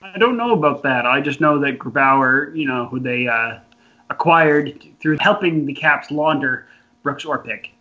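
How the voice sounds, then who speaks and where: Bright, husky man in lo-fi audio. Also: on the high side, animated, a little slow. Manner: profane, sarcastic banter. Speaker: podcast co-host. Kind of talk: casual sports chat. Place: in Canada. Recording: dull lo-fi audio.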